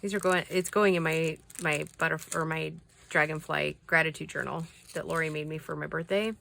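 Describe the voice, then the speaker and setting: A woman's voice: low voice, steady tone, normal speed, vocal fry, a little hiss or hum. A woman chatting casually as she shows off crafty mail from subscribers, gushing over each piece and sometimes dropping to a whisper. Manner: gushing, soft-spoken, drops to whispers. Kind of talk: casual chat.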